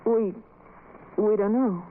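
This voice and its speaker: An actress playing a frightened young woman in a 1940s radio drama, pleading and quick to snap. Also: mid-range voice, lightly acted. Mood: anxious. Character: frightened young woman trying to stay brave. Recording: tinny lo-fi old radio recording with hiss.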